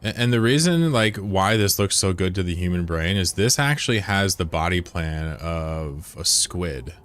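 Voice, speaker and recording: A man streaming a game in casual, profane chat, answering his viewers and drawling slowly when he admires something. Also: deep voice, expressive, fairly bright tone, clear, resonant tone. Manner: laid-back, profane, answers chat aloud.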